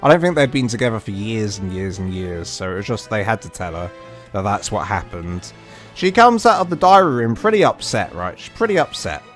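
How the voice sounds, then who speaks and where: A British man streaming a game and telling a rambling story, animated and full of restarts and asides. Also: lowish voice, fairly quick, faint music behind. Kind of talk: casual storytelling on a livestream.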